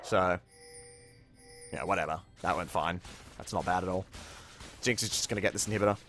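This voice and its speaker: A young man giving casual commentary over his own gameplay, laid-back and swearing freely with sudden excited outbursts. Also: deep voice, brisk, faint music behind.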